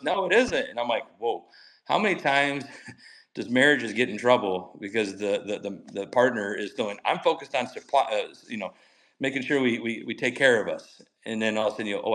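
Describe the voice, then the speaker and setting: A middle-aged man who coaches mental skills, telling stories with lots of energy. He talks at an ordinary middle pitch and jumps into the voices of the people he quotes. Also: rough recording. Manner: energetic, animated, acts out quoted dialogue. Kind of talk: enthusiastic podcast storytelling.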